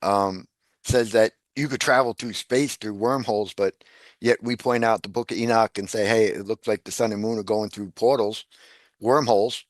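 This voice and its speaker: A man chatting casually as a podcast guest, animated, laughing often and repeating words as he talks. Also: fairly low pitch, moderate pace, no room sound, studio quality.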